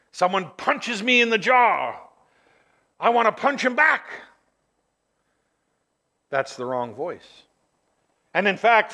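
A man preaching a sermon as pastor, swinging from near-shouts to hushed, quiet lines. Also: very high-pitched. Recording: long hall reverb.

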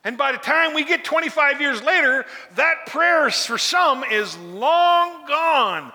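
A man's voice: very high-pitched, expressive, takes it slowly, sharp tone. A man preaching a sermon, urging his listeners on with emphatic, repeated calls. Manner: emphatic, repetitive exhortation. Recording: long hall reverb.

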